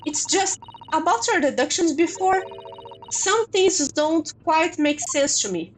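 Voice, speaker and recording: A woman's voice: very high-pitched, animated, unhurried, a little hiss or hum. A woman voicing a polite, hesitant young female assistant in game dialogue. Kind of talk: reading game dialogue aloud.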